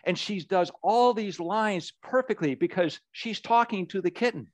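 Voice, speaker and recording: Man, political ad maker as interview guest, animated storyteller, dry close sound. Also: high voice, moderate pace, dry recording. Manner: animated storyteller who repeats words as he goes.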